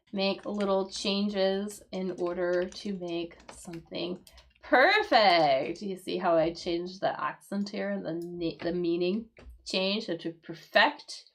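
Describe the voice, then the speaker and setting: Woman English teacher, slow and patient, lots of "right?" checks, live-stream lesson. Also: on the low side, fairly bright tone. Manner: explains slowly with frequent "right?" checks and fillers.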